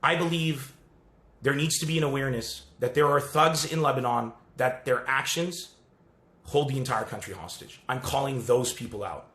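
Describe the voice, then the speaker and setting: A man's voice: medium pitch, moderate pace, a bit bright. A male comedian speaking casually and earnestly to his followers in a rambling, apologetic self-recorded video. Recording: roomy echo.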